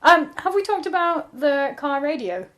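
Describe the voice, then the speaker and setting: A woman with a Northern English accent co-hosting a podcast, reacting quickly and chatting casually about a book. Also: high-pitched. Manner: lively, laughs often, quick reactions. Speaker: podcast co-host.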